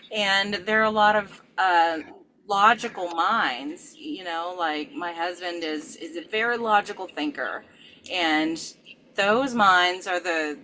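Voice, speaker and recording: A woman's voice: medium pitch, bright, forceful tone, a little hiss or hum, low-quality recording. A middle-aged woman, a regression therapist, talking casually with many fillers and restarts. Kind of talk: casual conversation.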